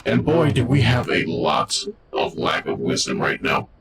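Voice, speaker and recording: A man's voice: medium pitch, wildly swooping pitch, unhurried, vocal fry, noisy background. A man streaming a card game, chatting casually with his chat in a rambling, jokey way. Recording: game music behind voice.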